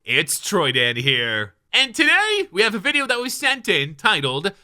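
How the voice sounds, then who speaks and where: A man hosting a reaction video, making quick, incredulous asides. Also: high voice, wildly swooping pitch, bright, forceful tone. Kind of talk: casual reaction commentary.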